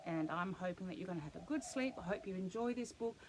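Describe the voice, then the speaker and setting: An older woman, a grandmother, reading a children's bedtime picture book aloud to her grandchild, gently and expressively, with playful animal noises. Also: fairly low pitch, expressive, fast talker, noisy background.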